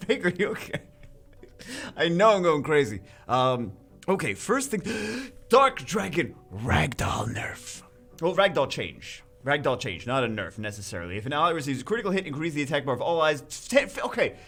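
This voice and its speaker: Excitable rambling male gaming host. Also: medium pitch. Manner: excitable and rambling, many restarts. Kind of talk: excited game patch commentary.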